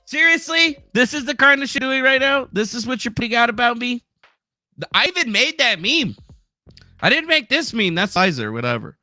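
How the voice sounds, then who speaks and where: A man with a high, very bright voice rants on a livestream, his pitch leaping all over the place. He talks heatedly and profanely and keeps breaking into shouts. The sound is dry and close, with music faintly under him. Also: big pitch swings, fairly quick, no echo. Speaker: livestream host. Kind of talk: angry livestream rant.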